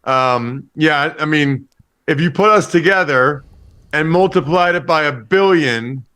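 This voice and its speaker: High-pitched guy in his 40s, calling into a sports radio show, chatty and teasing, quick jokes. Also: smooth. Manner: lively, teasing, quick to joke. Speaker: football podcast host and analyst, guest. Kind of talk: casual radio interview banter.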